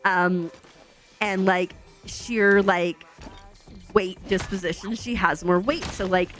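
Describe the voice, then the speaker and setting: Chatty lady streamer rambling through a story, lots of likes and ums, soft music behind. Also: mid-range voice, fairly even intonation, takes it slowly. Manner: chatty storytelling, many fillers. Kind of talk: casual chat to stream.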